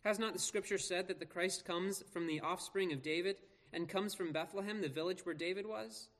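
A man pastor reading scripture aloud and preaching in an earnest, measured way with slow emphatic pauses. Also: high voice, a bit bright. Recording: long reverb of a large hall.

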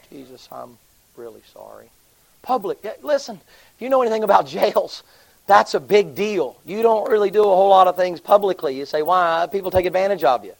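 Gravelly preacher telling a story. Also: male voice, poor audio. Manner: animated storytelling, swings from hushed to loud and high. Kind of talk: sermon storytelling.

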